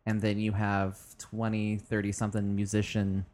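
A man's voice: on the low side, completely flat delivery, moderate pace, a little mellow. A man co-hosting a casual podcast chat at home, telling stories animatedly and laughing often. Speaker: podcast co-host. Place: home apartment with back door open.

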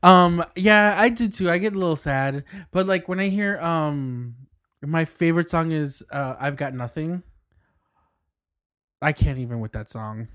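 A woman's voice: low voice, unhurried, a bit bright. A woman co-hosting a podcast in casual chat, laughing often and swearing freely. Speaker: podcast co-host.

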